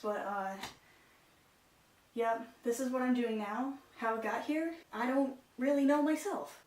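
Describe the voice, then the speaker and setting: A woman vlogger giving casual, self-deprecating commentary while painting along, with exasperated asides. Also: a little high. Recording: echoey room, far from mic, noisy.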